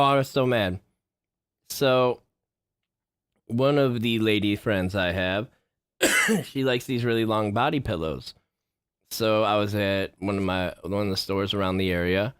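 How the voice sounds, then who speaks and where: A man's voice: lowish voice, dry recording, studio quality. A man vlogging in a casual, rambling monologue, swearing freely and getting worked up as he talks. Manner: profane, rambling, gets worked up.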